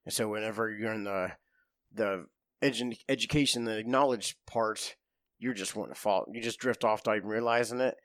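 A man's voice: on the low side, a little fast, fairly bright tone, no room sound. A man casually telling military stories, profane and laughing as he acts out what people said. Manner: profane, laughing storyteller who acts out quotes. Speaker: podcast guest, former Marine. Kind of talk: casual storytelling chat.

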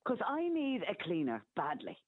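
A woman's voice: lowish voice, wildly swooping pitch, normal speed, no echo. A woman calling a radio show, blunt and exasperated, heard over a phone line. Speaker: caller. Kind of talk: phone-in chat.

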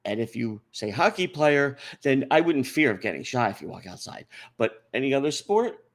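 A man, co-hosting a crude, rambling comedy podcast, swearing often and jumping from mumbles to shouts. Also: mid-range voice, big pitch swings, moderate pace. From New York. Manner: profane, rowdy, swings from mumbling to shouting. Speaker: podcast co-host.

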